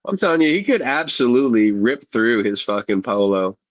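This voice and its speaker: A man's voice: mid-range voice, very animated, brisk, no echo, dull audio. A man who is sick, co-hosting a podcast and telling profane, laid-back stories in casual chat. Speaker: podcast co-host.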